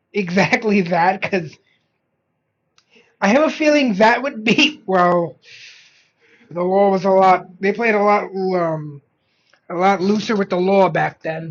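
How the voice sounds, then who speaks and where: Slow-talking streamer joking along. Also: mid-range voice, a bit bright, lo-fi sound. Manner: joking, laughing interjections. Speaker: streamer reacting to a video. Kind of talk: casual reaction commentary.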